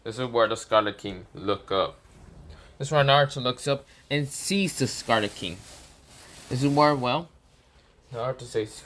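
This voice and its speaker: A man's voice: medium pitch, normal speed, pauses often, fairly bright tone. A man casually narrating an improvised fan story, rambling with fillers and self-corrections.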